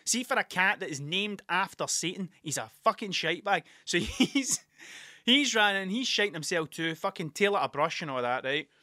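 A man's voice: sits high, expressive, moderate pace, bright, forceful tone, dry recording, clean studio sound. A man telling a rambling, sweary story in a casual podcast monologue, laughing as he goes. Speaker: podcast host and artist.

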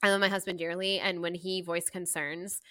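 A woman's voice: lowish voice, little pitch movement, moderate pace, pushed and bright, dry recording. A young woman co-hosting a podcast, speaking in an emphatic, conversational way with exclamations like "boy". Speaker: podcast co-host. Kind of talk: casual chat.

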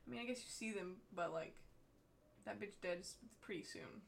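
A woman co-hosting a casual chat, making wry, dry remarks and chiming in with quick agreement. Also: mid-range voice, gravelly, a little hiss or hum. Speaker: podcast co-host.

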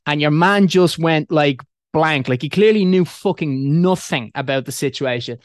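Irish guy, kinda high voice, rambly and sweary with loads of ums, dry close mic. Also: a little fast, clean tone, no echo. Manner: rambling, lots of fillers and restarts, swears casually. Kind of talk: casual chat.

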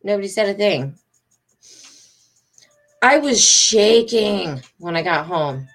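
A worked-up middle-aged woman with a drawl vents a story straight to her followers. She talks in rambling bursts, swearing and pressing every point hard. Her pitch sits right in the middle for a woman. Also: lively intonation, takes it slowly, faint music behind. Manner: agitated, swearing, emphatic and rambling. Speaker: vlogger.

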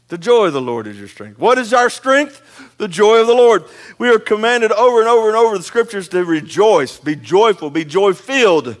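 Preacher guy, chatty sermon, gets loud then drops quiet, voice on the higher side. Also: a little fast. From East Texas. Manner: folksy, conversational preaching with frequent restarts and asides; lively, swings from loud emphasis to quiet asides. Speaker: pastor.

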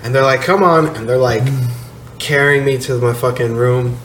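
A man tells a story at a podcast table in a laid-back, profane way, laughing now and then. His voice sits at an ordinary pitch. The room is echoey, with a faint hiss under it. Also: flat delivery, normal speed. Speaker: podcast guest telling a story. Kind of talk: casual storytelling chat. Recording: echoey room, slight noise.

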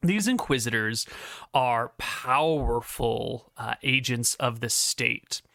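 A man's voice: mid-range voice, slow, creaky, sharp tone, no room sound, studio quality. A man narrating as game master in a tabletop game, casual and descriptive, with frequent filler words.

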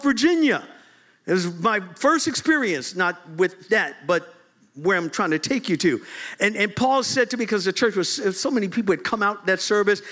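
A man preaching a lively storytelling sermon to a congregation in a church, swinging from low asides to loud high shouts and laughing often. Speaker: bishop, preacher. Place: church service before a congregation.

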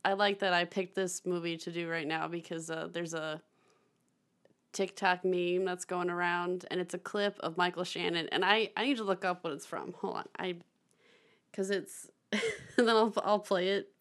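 A woman's voice: on the low side, fairly even intonation, moderate pace, a bit bright. A young woman co-hosting a film podcast, chatting casually with lots of fillers, restarts and laughter. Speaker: podcast co-host. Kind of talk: casual chat about films.

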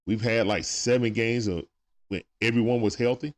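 A man's voice: medium pitch, fairly even intonation, moderate pace. A young man hosting a live stream, chatting casually with viewers and reading their comments in a laid-back, slangy way.

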